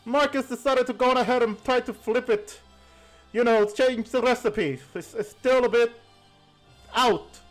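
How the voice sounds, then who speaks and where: A woman's voice: on the high side, unhurried, faint music behind, voice pushed up, close to an everyday voice, low-quality recording. Lady doing a polite flustered farmhand guy, kinda hesitant. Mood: apologetic.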